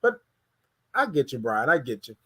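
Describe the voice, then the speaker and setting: A man's voice: medium pitch, husky. A man from Houston hosting a casual morning livestream, greeting viewers and hyping up the chat. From Houston, Texas. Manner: energetic, hypes the chat, drawn-out sung greetings. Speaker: livestream morning show host.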